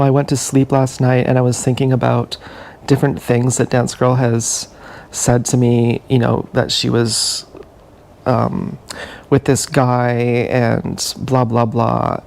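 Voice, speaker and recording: A man talks straight into an action camera in a long, rambling, confessional monologue. His voice is gravelly and fry-laden, and his pitch sits in the middle range. He restarts his sentences often as he goes. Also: a little mellow. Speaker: vlogger. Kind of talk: casual monologue.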